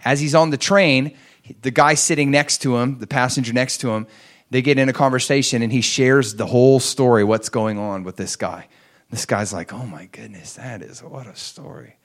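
A man preaching, telling a story and acting out the characters' words, swinging between hushed lines and raised, pleading ones. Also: medium pitch, steady tone, normal speed. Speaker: pastor. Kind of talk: sermon storytelling.

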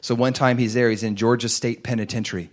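A man preaching a sermon, reading scripture aloud and building to loud, emphatic lines. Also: medium pitch, steady tone, quick pace. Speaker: pastor.

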